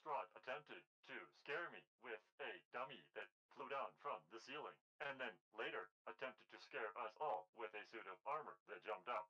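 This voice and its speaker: A man's voice: medium pitch, expressive, moderate pace, hardly any pauses, sharp tone, highs cut off. A man playing a tabletop game, talking in a formal, stiff way for his character. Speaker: player.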